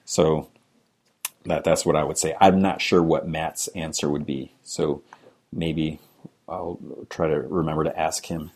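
A man's voice: sits low, a little mellow. A man hosting a podcast alone, chatting casually and reading listener emails, rambling with lots of fillers. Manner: rambling, frequent "you know" fillers, chuckles. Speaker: podcast host.

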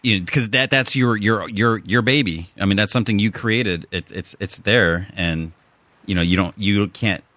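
A man with a Chicago accent talks in a lowish voice that has a bright, forceful edge. His rambling, restart-heavy podcast chat sounds close and dry. He keeps circling back to finish his thought. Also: moderate pace, dry recording. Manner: rambling, many restarts and fillers. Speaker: podcast host. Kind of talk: casual chat.

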